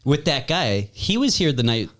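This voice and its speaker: A man's voice: medium pitch, very animated, normal speed, a bit bright. A man running a small venue, recounting events in casual, easygoing chat.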